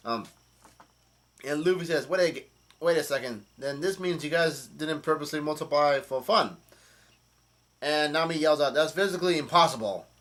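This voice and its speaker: Man, casual comic recap, halting read-aloud, crisp bright tone. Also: fairly high pitch. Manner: halting, reads quoted lines aloud plainly. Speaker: manga chapter reviewer.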